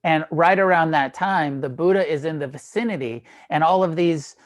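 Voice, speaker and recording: A man's voice: fairly high pitch, normal speed. A man giving a dharma talk as a meditation teacher, retelling a story in a casual, irreverent way with swearing and laughs. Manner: casual and irreverent, with profanity and fillers; animated retelling with frequent laughs.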